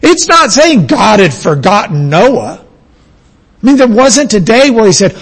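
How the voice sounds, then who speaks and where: A man's voice: high voice, very animated, measured pace, in a large hall. A man from the United States giving a classroom lecture on biblical languages, emphatic and repeating key words for stress.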